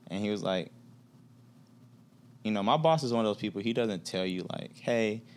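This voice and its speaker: A man's voice: fairly low pitch, expressive, moderate pace, darkish tone. A man from Atlanta, a guest on a casual podcast, telling business stories in a laid-back, slangy way and acting out quoted dialogue. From Atlanta, USA.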